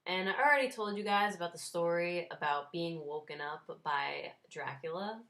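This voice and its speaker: A young woman in her twenties talks straight to her viewers in a relaxed vlog. Her voice sits a little low, and her tone stays wry and self-mocking, with small laughs slipped in. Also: normal speed. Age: 20s. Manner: wry, self-deprecating, laughs while telling. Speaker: vlogger. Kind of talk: casual storytelling vlog.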